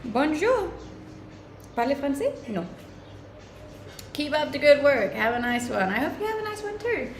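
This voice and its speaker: A woman's voice: sits high, sing-song, normal speed, long pauses. Chatty Scandinavian-accented young woman streamer. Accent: mixed English accent with a Scandinavian tinge. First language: a Scandinavian language. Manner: chatty and upbeat, laughs often, lots of "like". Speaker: live streamer. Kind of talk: casual live-stream chat answering viewer comments. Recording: roomy echoing sound.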